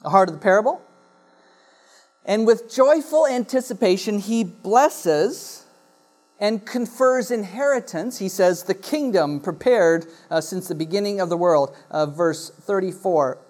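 A pastor in church reads a scripture passage aloud, then explains it to the congregation in a sermon, often pausing on uh and restarting phrases. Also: medium pitch, a little mellow.

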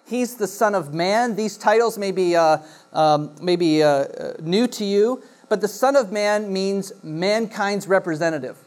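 This pastor's voice is mid-range and a little mellow. After reading scripture aloud in church, he preaches on it to the congregation, his delivery often stalling on "uh" as he starts phrases over.

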